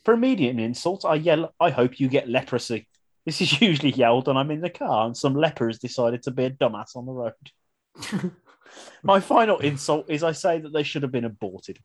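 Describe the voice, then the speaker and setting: With a fairly high pitch and a brisk delivery, a man reads listener submissions on his casual podcast. He's lively and keeps laughing as he goes through the lines.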